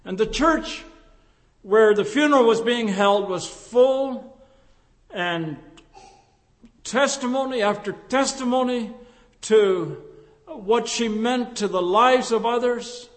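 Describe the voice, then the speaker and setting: Slow older preacher in a reverberant hall. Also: male voice, very high-pitched. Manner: slow, reflective preaching with emphatic rises and hushed drops. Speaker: pastor. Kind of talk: sermon.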